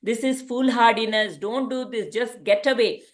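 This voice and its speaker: A woman's voice: on the high side, moderate pace, natural voice. A woman voices an anxious talking tree in a spoken parable. It pleads urgently with its small friend. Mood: pleading.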